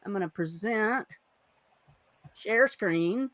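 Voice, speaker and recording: A woman co-hosts a livestream from a video call, chatting freely and running through viewer greetings with plenty of asides. Her voice is bright and sits a little high. The sound is dry, with no room around it. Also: animated, normal speed, dry recording. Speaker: co-host of a genealogy livestream. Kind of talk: casual chat.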